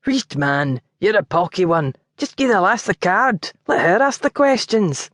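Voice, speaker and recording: A woman's voice: mid-range voice, sing-song, a little slow, a bit bright, no room sound, clean studio sound. A woman voicing a young Scottish lord with a broad brogue, speaking bluntly in an audiobook. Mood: impatient. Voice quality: broad brogue with dialect words. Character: young Scottish lord, brash and quick-tempered.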